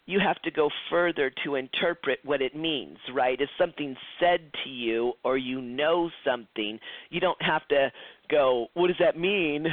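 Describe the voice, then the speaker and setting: Over dry, tinny, phone-like lo-fi audio with no room sound, a man teaches a psychic development class at a moderate pace in a medium-pitched voice. His lecture style is chatty, with acted-out dialogue and frequent restarts.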